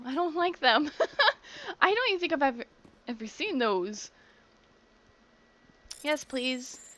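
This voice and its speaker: A young woman chatting through a video game playthrough, excitable and easily grossed out, recorded at home. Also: sits high, takes it slowly, pauses often. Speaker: gameplay commentator. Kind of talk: let's play commentary. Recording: audible background noise.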